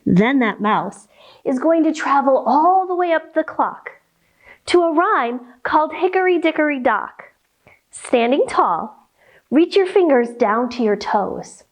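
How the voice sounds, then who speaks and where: A woman's voice: high-pitched, expressive, unhurried. A woman teaching yoga to children, giving playful sing-song instructions during a storytime. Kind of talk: guiding a kids' yoga storytime.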